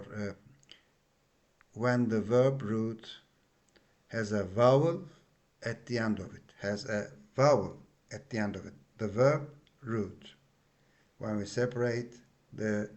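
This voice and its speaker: A man with a Turkish accent giving a spoken grammar lesson, explaining patiently and repeating himself with many fillers. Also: fairly low pitch. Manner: slow, patient explaining with frequent fillers and repetitions. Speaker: language teacher.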